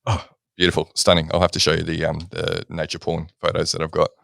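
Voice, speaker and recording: A man's voice: low voice, completely flat delivery, fast talker, gravelly, a bit bright, dry recording, studio quality. A middle-aged Australian man hosting a podcast, joking and easygoing with plenty of fillers. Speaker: podcast host. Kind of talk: casual podcast chat.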